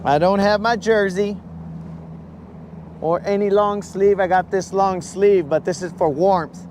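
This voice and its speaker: A man's voice: high-pitched, fairly even intonation, a little slow, a little mellow, a little hiss or hum. A man hosting a casual fishing livestream from a boat on a lake, hyped and slangy, talking straight to his viewers.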